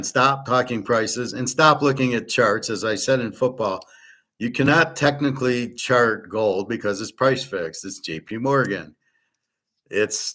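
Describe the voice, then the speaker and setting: A man's voice: fairly low pitch, a bit bright. A middle-aged man hosting his own show, ranting bluntly and scornfully in an opinionated monologue. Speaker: host.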